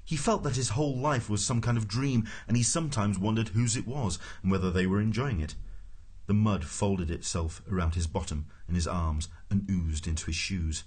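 Husky low-voiced male storyteller. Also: moderate pace, darkish tone. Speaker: audiobook narrator. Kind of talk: scripted narration.

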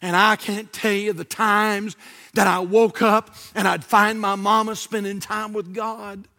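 High, bright preacher man. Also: flat delivery, measured pace, vocal fry. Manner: dynamic, swings from shouting to near whisper. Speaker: pastor. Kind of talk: sermon. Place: church sanctuary.

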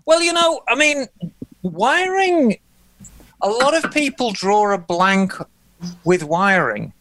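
A man co-hosting a casual motorcycle podcast, explaining things in a relaxed, thoughtful way with many fillers. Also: high voice, slow, slight background noise. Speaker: podcast co-host. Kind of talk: casual chat.

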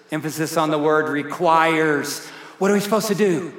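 A middle-aged pastor preaching a sermon in a church, slow and emphatic, repeating his key phrases. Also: fairly high pitch, a bit bright. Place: church sanctuary. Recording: echoey hall reverb.

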